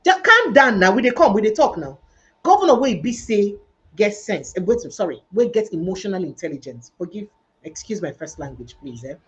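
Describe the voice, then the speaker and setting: Animated Nigerian woman hosting, Pidgin mix. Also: mid-range voice, brisk, dull audio, slight background noise. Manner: animated, switches into Pidgin, presses her point hard. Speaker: show host. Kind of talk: debate-style discussion.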